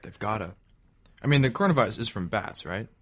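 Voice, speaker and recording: A man's voice: on the low side, expressive, fast, fairly bright tone, no room sound. A man co-hosting a podcast, chatting casually with lots of fillers. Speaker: podcast co-host. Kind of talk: casual chat.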